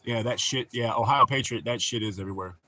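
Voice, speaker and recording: This middle-aged man has a Southern American accent and a mid-range voice that moves quickly with a sharp tone. He's chatting casually on a stream, telling rambling, profane stories.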